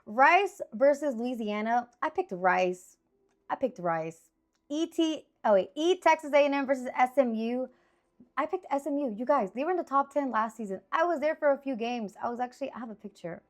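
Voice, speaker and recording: A woman in her thirties with a slightly high voice talks through her picks in a loose, chatty style. She rambles and jumps into excited exclamations, sounding animated and informal. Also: normal speed. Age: 30s. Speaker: sports picks host. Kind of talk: casual chatty sports picks.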